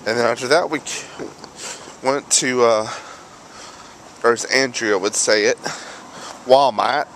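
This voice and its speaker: A man with a drawl talks slowly in a rambling, self-correcting way, filming himself outdoors on a handheld camera. His pitch sits in the middle of the range. A faint hiss of wind and passing cars runs behind him. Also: fairly bright tone. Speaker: vlogger. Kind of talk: rambling casual vlog while walking outdoors. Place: outdoors on a road near home, windy.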